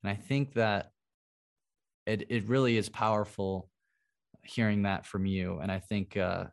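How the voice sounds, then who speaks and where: Young male podcast host, low-ish voice, earnest interviewer. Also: fairly even intonation, a little slow, gravelly. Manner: earnest, thoughtful questioner. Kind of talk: interview questions.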